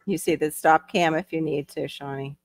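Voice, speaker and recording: A woman's voice: low voice, fairly even intonation, normal speed. A woman hosting a casual livestream, chatting and greeting viewers from the chat as she reads it. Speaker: livestream host. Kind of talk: casual live-stream chat.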